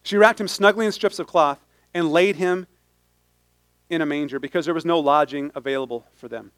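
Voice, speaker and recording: High-voiced, animated preaching man. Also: fairly quick, no room sound. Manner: animated, humorous, self-interrupting. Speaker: pastor. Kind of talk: sermon.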